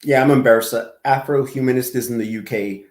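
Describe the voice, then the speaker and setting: A man's voice: medium pitch, steady tone, fairly quick, roomy sound. A man hosting casual commentary, rambling and self-deprecating, laughing often as he tells stories. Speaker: commentary channel host.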